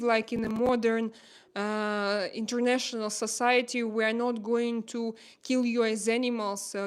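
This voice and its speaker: A woman in her thirties from Russia, speaking English with a Russian accent as a livestream host, emotional and pleading, halting often to find words. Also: on the high side. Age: 30s. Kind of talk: casual livestream chat.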